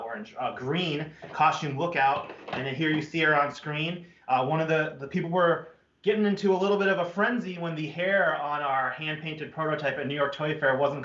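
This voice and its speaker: A man's voice: medium pitch, a bit bright. A man hosting a live stream product presentation, upbeat and chatty with many fillers. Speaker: toy brand host. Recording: muffled, roomy stream audio.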